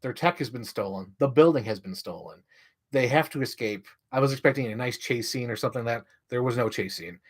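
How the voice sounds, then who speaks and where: A young man ranting casually on a livestream, rambling with lots of "like" and jumping up in pitch when he gets excited. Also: fairly quick. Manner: rambling, heavy use of "like", restarts mid-sentence; animated, voice jumps up when excited.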